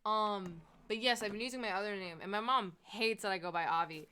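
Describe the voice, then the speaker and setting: A woman's voice: medium pitch, brisk, bright, forceful tone, clear, resonant tone. A young woman from the US Midwest chatting casually on a gaming live stream, rambling through stories and talking to game animals as she plays.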